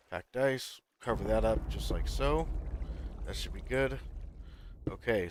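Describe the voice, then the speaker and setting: A man with a lowish voice commentates a live gaming stream at a home desk mic. He walks through each building step in a relaxed, rambling way. A faint background ambience sits under his voice. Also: noisy background. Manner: easygoing, talks himself through each step, laughs often.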